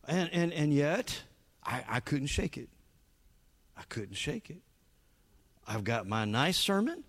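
A man preaching a sermon, telling a story with animated emphasis and halting restarts. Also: medium pitch. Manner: halting restarts and repeated words. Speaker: pastor.

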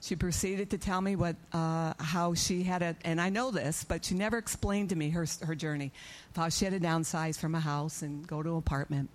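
Brief: middle-aged woman with a slightly low voice, animated church testimony storyteller. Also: a little fast. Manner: animated storyteller, acting out her own prayers and dialogue. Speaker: church speaker giving a testimony.

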